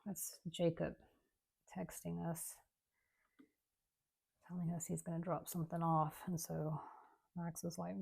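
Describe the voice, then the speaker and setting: A woman, chatting casually and rambling softly as she works on a craft at home. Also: low-pitched, flat delivery, measured pace, gravelly, long pauses, breathy edge. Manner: chatty, rambling, soft-spoken. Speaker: craft channel host. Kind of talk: casual chat while crafting.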